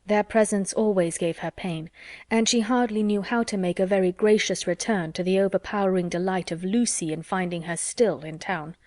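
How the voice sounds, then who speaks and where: Measured woman reading a classic novel. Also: medium pitch, no room sound, clean studio sound. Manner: measured, even storytelling. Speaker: audiobook narrator. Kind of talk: classic novel audiobook narration.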